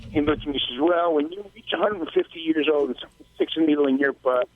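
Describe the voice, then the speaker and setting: A man calling in to a radio show, telling a personal story in a halting, emotional way with many restarts. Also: a little high. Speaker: caller. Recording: tinny phone line.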